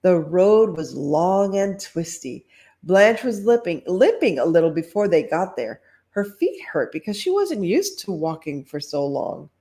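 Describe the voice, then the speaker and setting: A woman's voice: on the low side, very animated, a little slow, warm tone. A middle-aged woman reading a children's storybook aloud, with chatty asides. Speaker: storytime reader.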